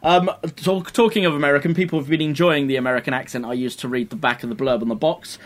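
A man's voice: fairly high pitch, fairly even intonation, fast talker. A man co-hosting a podcast in casual, jokey chat. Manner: chatty, jokey. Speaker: podcast co-host.

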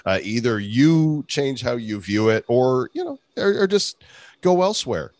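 Dude cohosting a podcast, joking around, average voice. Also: male voice, mid-range voice, measured pace, no room sound. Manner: animated, jokey, breaks into voices. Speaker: podcast co-host. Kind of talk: casual chat.

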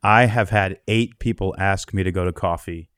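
Deep-voiced male podcast host. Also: steady tone, normal speed, a bit bright, clean tone, no echo, studio quality. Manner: engaged, asks reflective questions. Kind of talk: conversational interview.

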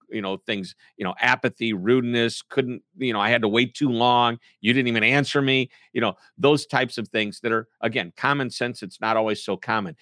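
A man, a book author, answering interview questions in a lively, joking way. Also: mid-range voice, no echo, clean studio sound. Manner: animated, playful, jokes and puts on quick impressions. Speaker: author and podcast guest.

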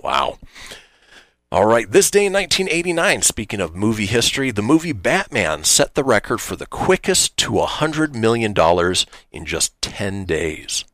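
A man hosts a radio show with a low voice that still moves a lot in pitch. He reads through history items in an easygoing way and drops light jokes along the way. The sound is dry and close to the mic. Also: big pitch swings, moderate pace, fairly bright tone, dry recording. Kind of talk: casual radio chat.

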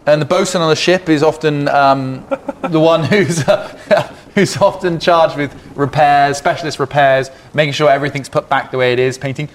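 A man's voice: fairly high pitch, fairly even intonation, normal speed. A man, narrating a tabletop game as game master in a playful way.

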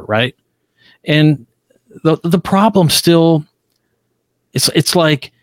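A man's voice: a little high, slow, pauses often, dry recording, studio quality. Emphatic man on a podcast panel. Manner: emphatic, animated, frequent restarts. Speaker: podcast co-host. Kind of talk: casual panel discussion. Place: Chicago.

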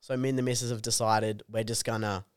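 A man's voice: lowish voice, little pitch movement, quick pace, clear, resonant tone, no room sound, studio quality. A young man co-hosting a podcast, chatting casually and swearing freely. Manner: swears a lot, calls his co-host dude, jokey. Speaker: podcast co-host. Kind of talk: casual chat.

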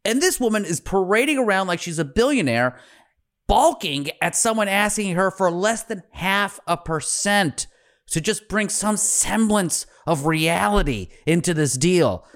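A male podcast host who tells stories with dramatic flair. His pitch rises and falls widely as he acts out the characters, and he swears freely along the way. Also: expressive, unhurried, a bit bright. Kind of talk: dramatic storytelling.

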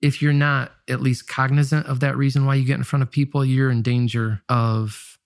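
A man's voice: medium pitch, level tone, normal speed, no room sound, studio quality. Nasal man with a Michigan accent. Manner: candid, self-questioning, many restarts. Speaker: pastor and musician, guest. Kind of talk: reflective casual interview talk.

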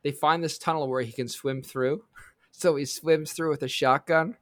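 A man's voice: on the high side, moderate pace, no room sound. Man brainstorming in a dry, close room. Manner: brainstorming with lively bursts, fillers. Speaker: podcast co-host. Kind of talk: casual chat.

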